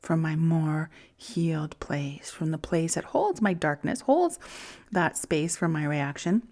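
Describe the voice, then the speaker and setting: A woman hosting a podcast, speaking in a candid, reflective monologue that often drops into soft whispers, with casual swearing. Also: deep voice, animated, slow. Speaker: podcast host.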